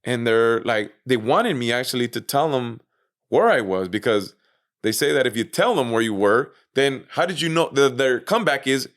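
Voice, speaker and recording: A man's voice: mid-range voice, lively intonation, normal speed. A man being interviewed on a podcast, casually retelling his own story with lots of fillers, swearing and acted-out quotes. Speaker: interview guest.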